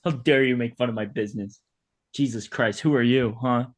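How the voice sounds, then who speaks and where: A man's voice: mid-range voice, a little fast, lightly acted. A man playing a self-pitying dead hot dog vendor who rambles melodramatically in an improvised comedy bit. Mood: indignant. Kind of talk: improvised comedy role-play.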